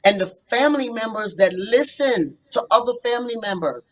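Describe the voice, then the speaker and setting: A woman's voice: fairly high pitch, animated, moderate pace, few pauses, poor audio. A woman therapist telling her story as a podcast guest, earnest and emphatic. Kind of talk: podcast interview.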